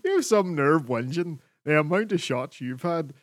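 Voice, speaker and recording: A man's voice: fairly high pitch, lively intonation, normal speed, no echo. A man co-hosting a podcast in sweary, laughing casual banter. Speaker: podcast co-host. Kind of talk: casual chat.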